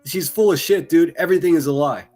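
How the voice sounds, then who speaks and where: A man streaming profane, mocking reaction commentary with a husky voice. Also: fairly high pitch, fast talker, a little mellow, soft background music. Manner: mocking, ranting, heavy swearing.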